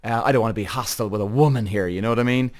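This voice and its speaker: A man's voice: on the low side, racing. A man with an Irish accent, a podcast host telling a heated story straight to his viewers, swearing freely. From Ireland. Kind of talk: animated storytelling rant.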